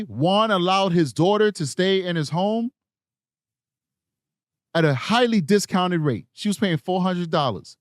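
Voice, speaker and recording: Male streamer host, higher register, emphatic and repetitive, dead dry room. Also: no echo. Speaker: true crime livestream host. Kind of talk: casual commentary, reading live chat.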